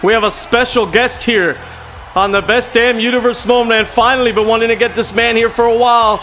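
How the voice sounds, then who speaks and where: A man hosting and commenting on a wrestling video game in a casual, excitable way, often calling people "man". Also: very high voice, brisk, slight background noise. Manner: excitable, frequent "man", shouts at the action.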